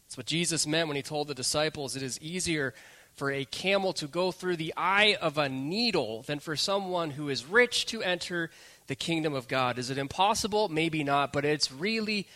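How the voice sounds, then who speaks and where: A man's voice: a little high, moderate pace, sharp tone. A male pastor preaching a sermon, stressing his points by repeating key phrases.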